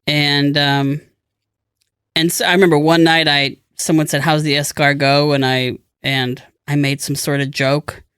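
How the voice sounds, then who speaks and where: Unhurried and flat in delivery, this middle-aged podcast co-host has a slightly high, a bit bright, smooth voice. In casual chat he spins a long rambling anecdote, performing the voices of the people in it, captured in a dry, clean studio recording.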